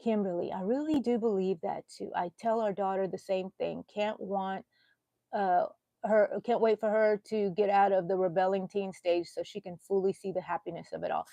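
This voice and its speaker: A middle-aged woman hosts a crochet livestream, chatting in a rambling way and talking to herself as she works. Her medium-pitched voice is warm with vocal fry, fairly even intonation, and a moderate pace, recorded with no echo.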